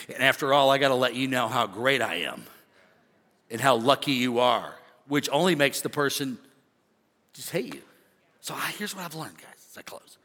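A man preaching a sermon as a pastor, animated and conversational, joking with the crowd from the stage. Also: medium pitch, big-room sound. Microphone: stage microphone.

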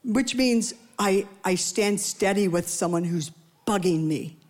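With a darkish tone and a slightly slow delivery, a woman preaches in a conversational, playful way. She drops asides to the congregation and often voices quotes, lifting her pitch to act them out.

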